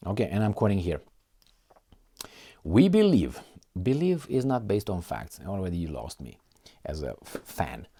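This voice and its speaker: Sarcastic man with a lively, swooping voice. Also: low-pitched, normal speed, pauses often, breathy edge. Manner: sarcastic, mocking, animated. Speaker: political commentator. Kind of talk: casual commentary reading articles.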